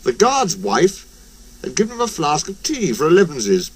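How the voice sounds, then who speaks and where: A man reads a children's story aloud in an expressive, sing-song style. His fairly high voice rises and falls freely. Every line is read with lively emphasis. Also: normal speed, husky. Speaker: narrator. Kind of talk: storybook reading.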